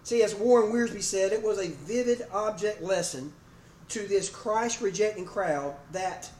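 A little slow and a little mellow, this high-voiced man gives a folksy sermon in a church sanctuary, checking in with listeners by name and repeating "okay?" and "amen?" The echoey room is captured by a distant mic, with faint noise.

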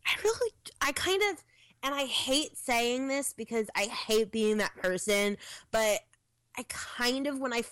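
A woman's voice: on the high side, animated, a little slow, a bit bright, clear, resonant tone, no room sound. A young woman co-hosting a podcast in casual chat, talking with many "like" fillers and quoting her own thoughts. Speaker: podcast co-host.

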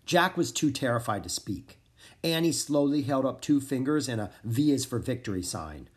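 A man's voice: mid-range voice, moderate pace, husky. A man reading a children's chapter book aloud as narrator, acting out the characters' lines. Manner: expressive, acts out the characters' lines. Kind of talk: storybook read-aloud.

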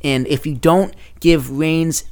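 A young man hosting a casual solo podcast, rambling and excitable, often cutting himself off. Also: fairly high pitch, slow pace. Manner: rambling, excitable, self-interrupting. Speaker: podcast host.

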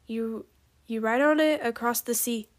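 A woman reading aloud as a sharp-tongued survivor who speaks bluntly and sarcastically in an amateur storybook reading. The voice runs a little higher than usual for a woman. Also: measured pace, natural voice. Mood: snappish.

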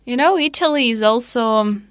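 Curious woman host, higher voice. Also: animated, normal speed, a bit bright, dry recording. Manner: curious, playful questioner. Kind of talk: casual chat.

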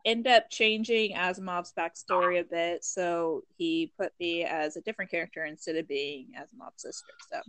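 A woman voice actress in a casual chat, chatty and quick to laugh. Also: on the low side, fairly even intonation, fairly bright tone, no echo.

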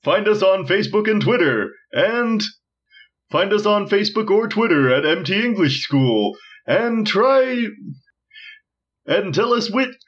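A man as host making halting show announcements. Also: high-pitched, expressive, a bit bright, muffled recording. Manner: halting, restarts lines.

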